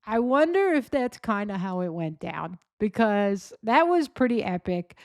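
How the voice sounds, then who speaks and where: A woman's voice: mid-range voice, animated, measured pace, darkish tone, dry recording, clean studio sound. A woman hosting a commentary show, talking in a sarcastic, rambling, mocking way. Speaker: podcast host. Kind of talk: casual commentary.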